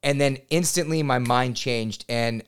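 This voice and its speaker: A man in his thirties tells a personal story as a podcast guest, his voice smooth and resonant at a middle pitch. He talks casually and gets excitable, swearing now and then. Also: unhurried. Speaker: podcast guest, real estate agent.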